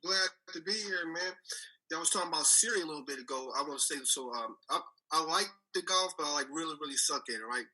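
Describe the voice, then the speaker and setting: A man's voice: fairly high pitch, fast talker, pushed and bright, poor audio. A man who is a regular on a radio talk show, telling stories in a laid-back way and laughing often. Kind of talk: casual radio banter.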